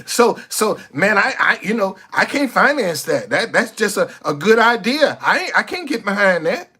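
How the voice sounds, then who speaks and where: A man's voice: high voice, very animated, normal speed, bright, forceful tone, husky. A man giving an impassioned, sarcastic monologue, stumbling over repeated words as he preaches. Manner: sarcastic, repetitive stammering restarts, preachy. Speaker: street activist vlogger. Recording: faint music behind.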